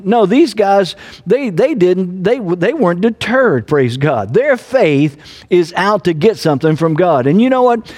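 A man's voice: high-pitched, animated, normal speed, a little mellow. A man preaching a sermon as pastor, earnest, with repeated phrases and fillers. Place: home.

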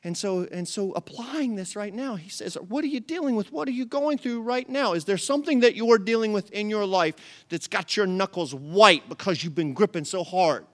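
A man's voice: sits high, normal speed, hardly any pauses. A man preaching a sermon to a congregation, passionate, with repeated rhetorical questions and calls to the audience. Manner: passionate preaching, rising to near-shouts when voicing God. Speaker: pastor.

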